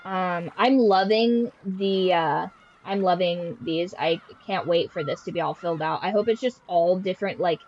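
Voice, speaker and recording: A woman's voice: fairly low pitch, normal speed, darkish tone, lo-fi sound, a little hiss or hum. A woman streaming a game, chatting casually with sarcastic, profane jokes.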